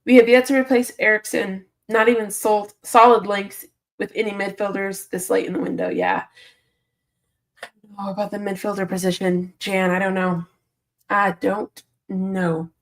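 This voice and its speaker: A woman's voice: medium pitch, expressive, normal speed. Sleepy woman chatting on a live stream. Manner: reads viewer comments aloud and answers them, laughs often. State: sleepy, yawning early in the morning. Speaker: football channel host reading live chat. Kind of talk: casual live-stream chat.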